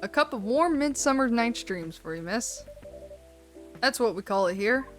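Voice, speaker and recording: A woman's voice: a little high, animated, normal speed, faint music behind, close to an everyday voice. A woman voicing a kind, attentive café barista in a cozy game. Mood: friendly. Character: kind café barista serving night guests.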